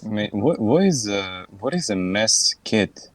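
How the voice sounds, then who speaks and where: Deep-voiced blunt gamer guy. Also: big pitch swings, takes it slowly. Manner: casual, blunt, swears. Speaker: player. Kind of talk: casual tabletop game play.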